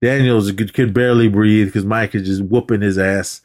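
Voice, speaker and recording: Animated man recapping a movie. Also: fairly low pitch, moderate pace. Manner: animated retelling, acts out lines, laughs often. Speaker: podcast co-host.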